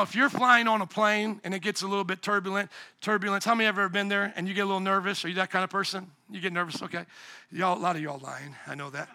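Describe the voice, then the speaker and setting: A middle-aged man preaching a sermon in church, animated and shouting at the high points. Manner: animated, shouting at peaks, acts out voices. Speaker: pastor. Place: church sanctuary.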